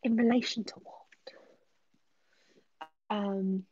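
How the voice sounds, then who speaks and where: A woman's voice: medium pitch, steady tone, takes it slowly, dark tone, breathy edge, dull audio. A woman answering viewers' questions on a casual live stream, chatty with many ums and slipping into whispers. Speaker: ASMR creator answering live chat.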